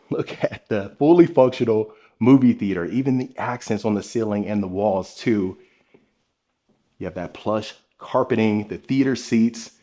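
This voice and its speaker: A man with a slightly low voice narrates a home tour from inside a large house. He speaks with steady enthusiasm and talks directly to the people watching. The sound comes from a handheld camera carried as he moves between rooms. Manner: enthusiastic, addresses viewers directly.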